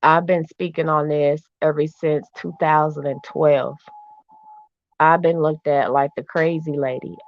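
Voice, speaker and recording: A woman's voice: deep voice, fairly even intonation, a little slow, no echo. Woman guest, earnest and insistent, dry dull lo-fi audio. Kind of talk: casual chat.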